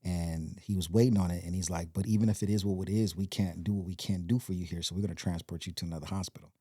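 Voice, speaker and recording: A man's voice: deep voice, steady tone, quick pace, dark tone, husky, dry recording, studio quality. A man from Compton, a podcast guest, telling a long personal story in a rambling way and acting out the quoted voices. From Compton, California. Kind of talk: storytelling in casual interview.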